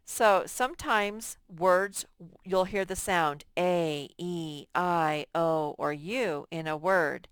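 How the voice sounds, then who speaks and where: Slow, patient woman teaching phonics. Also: on the low side, clear, resonant tone, no echo, studio quality. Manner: slow, patient, drawn-out word by word. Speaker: first grade teacher. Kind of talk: recorded phonics lesson.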